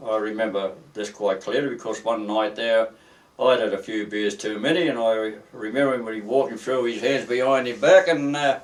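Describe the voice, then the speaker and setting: An older Australian man recalls his working life in a halting, rambling way, often restarting his sentences. His voice sits a little away from the mic. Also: fairly low pitch, far from the mic. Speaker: retired merchant seaman. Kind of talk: oral history interview.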